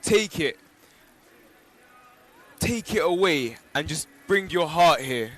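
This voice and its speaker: A man's voice: fairly high pitch, lively intonation, slow, a bit bright. A man being interviewed outdoors on a pilgrimage walk, telling personal stories in a reflective way with plenty of fillers. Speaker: interview guest. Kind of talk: live outdoor broadcast interview.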